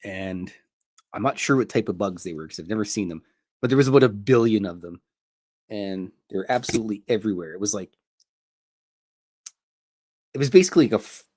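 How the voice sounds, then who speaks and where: A man's voice: on the low side, lively intonation, fairly quick, pauses often, darkish tone. A Canadian man who hosts a cartoon show, telling meandering, jokey stories and often interrupting himself. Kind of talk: rambling casual storytelling.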